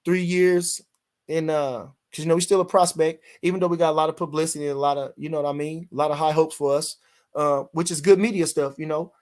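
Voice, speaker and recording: A man's voice: a little high, steady tone, fast talker, a little mellow. An older man, hosting a casual live boxing stream in a rambling way, full of fillers, reading out chat comments. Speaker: podcast host.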